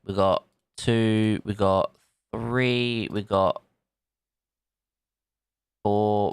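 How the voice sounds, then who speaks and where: A man's voice: medium pitch, a bit bright, clear, resonant tone, no room sound. A man, chatting casually on a live stream, thinking aloud and greeting viewers from chat. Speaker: livestreamer.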